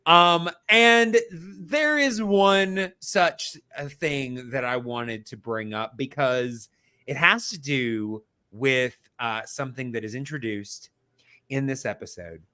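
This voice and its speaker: A man on a podcast giving a casual mock lesson, talking slowly and explaining step by step with lots of fillers. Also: mid-range voice, sharp tone, clear, resonant tone. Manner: slow, explanatory, many fillers and restarts. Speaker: podcast co-host.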